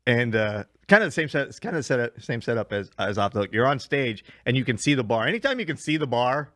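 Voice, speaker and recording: Rambling comic spinning road stories. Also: male voice, mid-range voice, very animated, quick pace, fairly bright tone, no echo, clean studio sound. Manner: rambling storyteller, swears freely, laughs at own stories. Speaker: stand-up comedian, podcast co-host. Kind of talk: casual chat, road stories.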